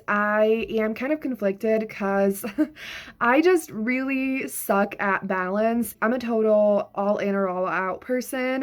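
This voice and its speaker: Young woman vlogger, relaxed and chatty, talks reading with frequent fillers. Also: mid-range voice. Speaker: book vlogger. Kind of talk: casual chat.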